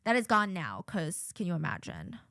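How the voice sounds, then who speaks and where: A woman's voice: on the low side, big pitch swings, normal speed, fairly bright tone, no room sound, clean studio sound. A woman hosting a true-crime commentary, retelling a court hearing in an indignant, conversational way. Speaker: host.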